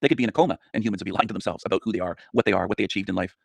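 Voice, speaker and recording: A man's voice: on the low side, racing, creaky, no echo. A man ranting contemptuously at his audience in a scolding, repetitive monologue as a channel host.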